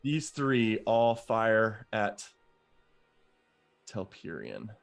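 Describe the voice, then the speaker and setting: A man narrating as game master of a tabletop game, giving calm, measured rulings with frequent fillers. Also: lowish voice, vocal fry, soft background music.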